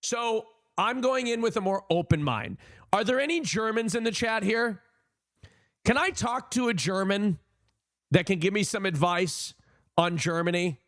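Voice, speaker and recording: A man's voice: sits high, measured pace, no echo, clean studio sound. A man livestreaming, chatting casually with his viewers and giving blunt opinions. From United States. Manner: animated, opinionated, talks to chat.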